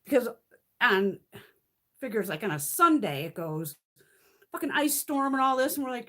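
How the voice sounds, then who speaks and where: A woman's voice: on the high side, sing-song, moderate pace, pauses often, a bit bright. A woman in her fifties chatting casually on a live stream, rambling, swearing freely and laughing often. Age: 50s. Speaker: beauty vlogger hosting a live stream.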